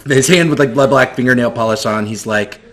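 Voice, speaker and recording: A man's voice: medium pitch, brisk, fairly bright tone. A man narrating a tabletop game as game master, loose and full of fillers.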